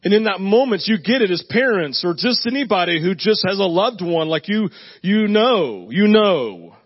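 Using a handheld mic, a pastor with a high, husky voice talks at a moderate pace, and the recording's highs are cut off. He tells a personal story in a chatty, animated sermon, often asking "right?" and slipping in jokes at his own expense.

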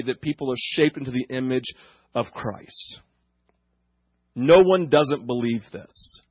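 A man's voice: mid-range voice, slow, long pauses, slightly rough, no room sound, lo-fi sound. A male pastor preaching an emphatic sermon that rises and falls in volume. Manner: emphatic, rising and falling in volume.

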